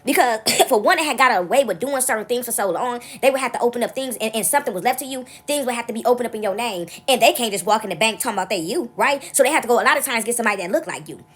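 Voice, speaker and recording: Speaking rapid-fire with few pauses, a woman with a husky, somewhat high voice rambles frankly to her viewers. Her casual monologue is animated venting and storytelling, and she keeps checking in with "right?"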